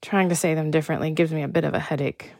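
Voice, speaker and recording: A woman with a soft Texan accent narrates a radio-style feature in a measured, storytelling voice. Her pitch sits low and the recording is dry and close, with no room sound. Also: fairly even intonation, creaky, dry recording. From Texas. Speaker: reporter and narrator. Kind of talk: scripted narration.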